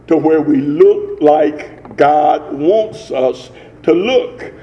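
A man's voice: fairly high pitch, drawn-out words, dark tone, big-room sound, muffled recording. A man preaching a sermon with emphatic rising cadences and repetitions.

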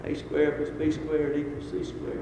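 A man preaching a sermon in a folksy way, rising to emphatic peaks and then dropping quiet. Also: on the high side, monotone, normal speed. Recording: very echoey hall with faint noise.

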